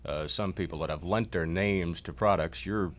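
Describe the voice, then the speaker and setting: A man hosting a talk show, easygoing and quick to laugh with his guest. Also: sits low. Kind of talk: casual talk-show chat.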